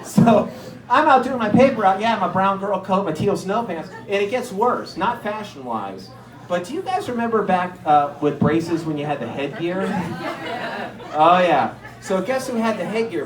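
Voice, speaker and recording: A male stand-up comedian with a fairly high voice tells stories loosely and conversationally, often poking fun at himself. The routine is captured in a roomy space with strong echo.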